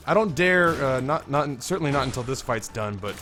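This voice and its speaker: A man's voice: medium pitch, animated, a little slow, fairly bright tone, soft background music. A young man with a congested, sick-sounding voice, commentating a video game casually, rambling, swearing and making fun of himself. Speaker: gaming commentator. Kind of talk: casual let's-play commentary.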